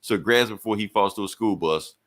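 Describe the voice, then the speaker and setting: Deep-voiced man recapping a comic. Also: quick pace, fairly bright tone. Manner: rambling, slangy recap. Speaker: podcast host. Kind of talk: casual comic book review.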